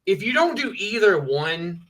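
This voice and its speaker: A man's voice: high voice, big pitch swings, measured pace, a bit bright. A man ranting on a livestream, emphatic and repetitive, talking over and over the same point. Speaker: streamer.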